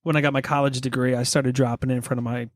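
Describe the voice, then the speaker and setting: A man's voice: mid-range voice, flat delivery, very fast, no room sound, studio quality. A man in his thirties and a father, hosting a casual podcast, asking questions and laughing easily with playful interjections. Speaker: podcast host. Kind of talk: casual chat.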